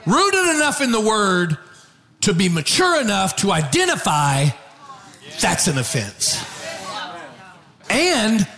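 A man preaching a sermon, telling a story with animated shouts and call-outs to the congregation. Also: high-pitched, slow pace, pauses often.

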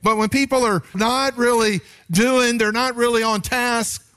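A man's voice: a little slow, clear, resonant tone. A male pastor preaching a sermon, his voice jumping up on points of emphasis. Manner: animated preaching, pitch rising sharply on emphasis.

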